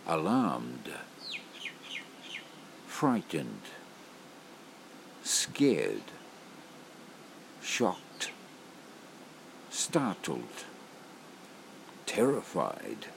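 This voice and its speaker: A man with a low, gravelly voice reads single words one by one at a very slow pace. His pitch rises and falls widely from word to word. A faint hiss of noise sits under the recording. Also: huge pitch swings. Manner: slow, deliberate word-by-word reading with long pauses. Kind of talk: slow list of emotion words read aloud.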